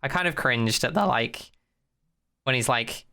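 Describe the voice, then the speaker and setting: A podcast co-host chatting casually and rambling animatedly through an episode recap, acting out scenes as they go. The voice is bright and lively, with a smooth, clear tone. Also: mid-range voice, unhurried.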